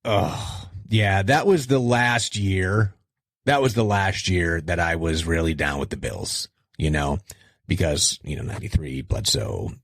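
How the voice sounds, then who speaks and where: Animated middle-aged man, husky and dry. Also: no echo. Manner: animated, self-deprecating, jumps in pitch for emphasis. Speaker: podcast host. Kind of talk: casual solo podcast talk.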